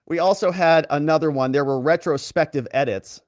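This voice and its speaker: At a moderate pace, a male attorney delivers sarcastic, casual political commentary, reading articles aloud with animated, wide pitch swings. The sound is studio quality, free of echo.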